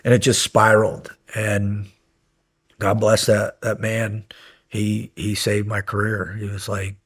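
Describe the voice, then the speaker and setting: A man in his fifties tells stories as a podcast guest, his voice low and husky. He moves between animated storytelling and quiet, intense moments, in the loose manner of a casual interview. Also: slow. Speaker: podcast guest, former Navy SEAL.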